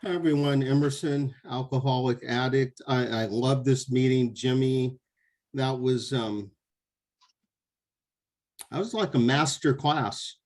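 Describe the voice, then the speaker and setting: A man with an ordinary middle-pitched voice shares earnestly at a recovery meeting. He repeats words for emphasis as he speaks. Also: unhurried, long pauses, darkish tone. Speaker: meeting member sharing.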